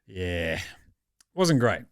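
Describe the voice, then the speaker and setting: A man's voice: low voice, big pitch swings, very slow, dry recording, clean studio sound. An Australian man hosting a casual sports reaction podcast, talking in a blunt, jokey, profane way. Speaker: podcast host.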